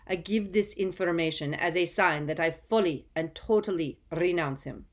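A woman's voice: fairly low pitch, normal speed, lightly acted. A woman voicing a frightened, unctuous middle-aged male prisoner pleading before a council in a storybook reading. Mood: breathless, eager.

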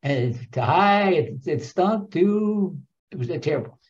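A man teaching a Torah lesson as an animated storyteller, repeating phrases for emphasis and restarting often. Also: high voice, slow. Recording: dull lo-fi recording.

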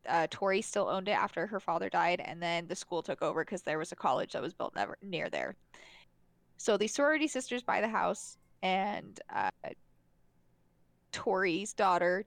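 A woman's voice: medium pitch, normal speed, creaky, no room sound. Chatty woman recapping a movie, dry mic. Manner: chatty, laughs often, many fillers and restarts. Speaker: podcast co-host. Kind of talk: casual chat reviewing a movie.

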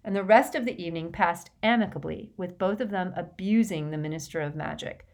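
A woman narrating an audiobook with measured, lively storytelling. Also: on the low side. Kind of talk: scripted narration.

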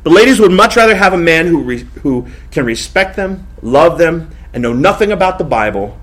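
A pastor in his thirties preaching a sermon in a lively, conversational way, often repeating himself. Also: a little high, normal speed. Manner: animated, conversational preaching with repetitions.

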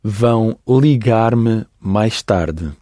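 A man giving slow, measured model repetitions of phrases in a lesson. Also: on the low side, warm tone, dry recording, clean studio sound.

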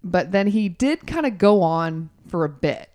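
A woman's voice: lowish voice, very animated, a little slow, dark tone. Chatty woman telling a story. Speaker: podcast co-host. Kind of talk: casual chat.

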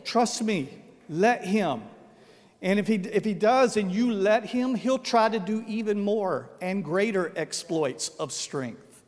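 High-voiced pastor, folksy preaching. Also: male voice, animated, slow. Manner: folksy, joking preaching, drops to a hush for emphasis. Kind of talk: sermon. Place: church sanctuary. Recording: long hall reverb in a sanctuary.

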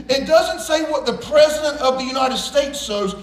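A man with a very high voice preaching a sermon, emphatic and folksy, leaning on jokes and homespun stories. He is a pastor speaking to his church. The sound is roomy and echoing, and he is heard from some way off the mic. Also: moderate pace, hardly any pauses. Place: church sanctuary with congregation. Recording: roomy church echo, voice from far off.

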